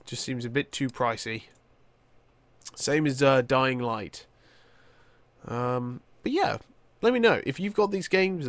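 Young male gamer, sleepy and slow-paced, chatty with bursts of excitement. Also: fairly high pitch, no echo. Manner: chatty, rambling, with many fillers and sudden excited outbursts. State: tired, yawning. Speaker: gaming YouTuber. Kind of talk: casual let's-play commentary.

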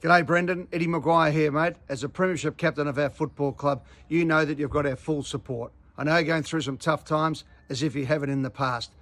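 An Australian man with a fairly high voice speaks with confident, rousing assurance. He sounds like a club leader rallying a colleague in a recorded video message. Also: fairly even intonation, brisk, few pauses, fairly bright tone, no room sound.

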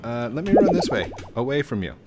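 A man hosting a casual multiplayer game chat, playful and quick to laugh. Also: mid-range voice, big pitch swings, heavy background noise. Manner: playful, jokey, laughs often. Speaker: gaming channel host.

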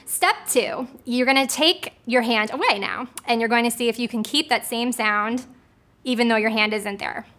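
Woman voice coach, fairly high and bright, chatty and upbeat, casual lesson delivery. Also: steady tone, moderate pace. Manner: upbeat and chatty, laughs between points. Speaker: voice teacher. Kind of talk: casual vocal lesson with sung demonstrations.

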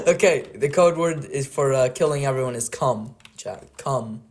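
A young man hosting a game server, commentating in a casual, excitable and joking way at a desk mic. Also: mid-range voice, normal speed, few pauses. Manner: excitable, joking and laughing, trolling players. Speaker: game server host and YouTuber.

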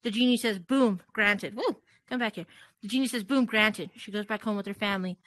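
A woman's voice: mid-range voice, a little fast, fairly bright tone, no room sound. A woman performing a chatty stand-up set in a virtual comedy club, giggling between jokes.

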